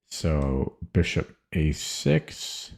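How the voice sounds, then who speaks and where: A man streaming chess puzzles, thinking aloud in halting, muttered phrases and correcting himself as he goes. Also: extremely low pitch, big pitch swings, vocal fry, darkish tone.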